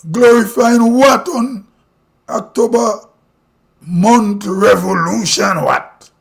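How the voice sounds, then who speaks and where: A Grenadian man speaks at a strikingly high pitch, ranting to his live-stream audience. He talks bluntly, firing off rhetorical questions and opinions. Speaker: livestream host. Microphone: streaming mic.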